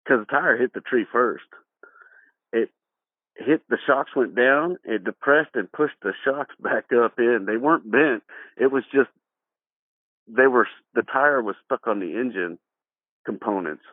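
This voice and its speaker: A middle-aged man recounts old memories in a casual interview, lively and chuckling. His voice sits at an ordinary pitch. It comes through thin and phone-like, with no room sound. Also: no room sound. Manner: animated, acts out quoted voices, laughs through his own story. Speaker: guest. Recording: dry, tinny phone-like audio.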